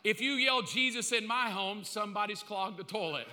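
A man preaching a sermon with comic asides, bursting into loud acted-out calls now and then. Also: high voice, moderate pace, few pauses, a little hiss or hum. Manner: comic, animated, acts out quotes in loud bursts. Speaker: pastor. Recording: long hall reverb.

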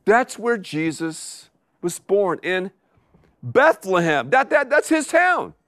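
A middle-aged man preaching in a high, lively voice that swings up and down, with slow deliberate pacing. He repeats key words for emphasis. The sound is dry and close. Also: dry recording. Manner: animated preaching with emphatic repetition. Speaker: pastor. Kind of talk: sermon. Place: live before a congregation.

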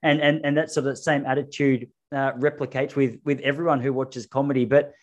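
Podcast host guy, quick talker, chatty and thoughtful. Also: medium pitch, little pitch movement. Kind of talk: casual chat.

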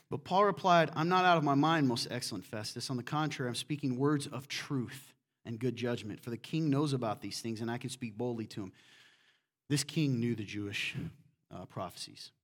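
A man preaching a sermon in a church, animated and acting out quotes in different voices. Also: mid-range voice. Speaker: pastor.

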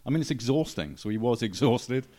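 A man's voice: mid-range voice, animated, brisk, dark tone. A man with a Welsh accent, a filmmaker chatting earnestly about his work and home country. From Wales. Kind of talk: casual chat.

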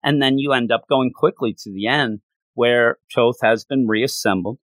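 A man casually recapping a comic book issue and acting out the characters' lines in livelier, higher voices. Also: normal speed, a bit bright, dry recording. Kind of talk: casual recap with acted-out quotes.

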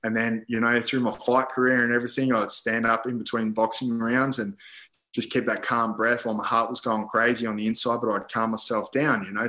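A man talking as a podcast guest, his voice bright and forceful at an ordinary pitch. He tells personal stories loosely, stringing thoughts together with "you know" and plenty of swearing. He often acts out what he was thinking in the moment. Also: reverberant, low-quality recording. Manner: rambling, swears freely, many fillers like "you know". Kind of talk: casual storytelling in conversation.

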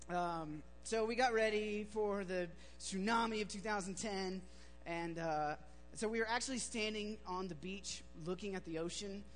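A man's voice: high voice, a bit bright. A man preaching a sermon, telling a story in a chatty, joking way with many fillers. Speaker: pastor. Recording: reverberant hall, faint hum.

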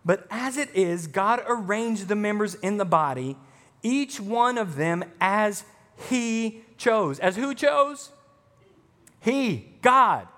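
High-voiced pastor preaching in a hall. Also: male voice, lively intonation, takes it slowly, fairly bright tone. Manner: emphatic preaching with rising, punchy lines. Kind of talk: sermon. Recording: long hall reverb.

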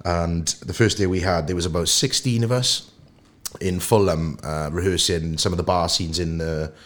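A man with a Welsh accent and a very low voice chats as a podcast guest. He tells his stories with animation, acting out the bits as he goes. He sounds like someone in his thirties. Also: moderate pace. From Wales. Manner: animated storyteller who acts out anecdotes. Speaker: actor guest. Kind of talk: casual podcast interview.

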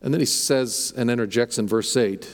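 A man's voice: mid-range voice, normal speed, long reverb tail. A man preaching a sermon as pastor, emphatic, repeating words as he builds his points.

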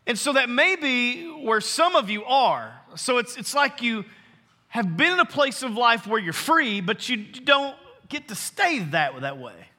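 Male pastor preaching in a church, higher voice, punchy and earnest, slows to hammer points home, reverberant hall sound. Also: big pitch swings, bright, forceful tone. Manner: earnest, emphatic preaching with slowed, stressed phrases. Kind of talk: sermon. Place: church sanctuary.

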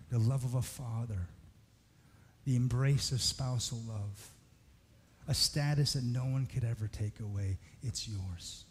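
Earnest preacher in a reverberant hall. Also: male voice, medium pitch, slight background noise. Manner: earnest, slows for emphasis. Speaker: pastor. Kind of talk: sermon.

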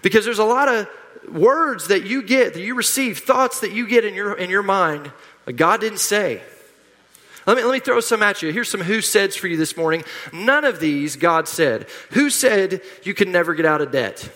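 A man's voice: high voice, lively intonation, moderate pace, bright, forceful tone. A middle-aged man preaching a sermon, emphatic and repetitive, leading the congregation in call-and-response. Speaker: pastor. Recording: long hall reverb.

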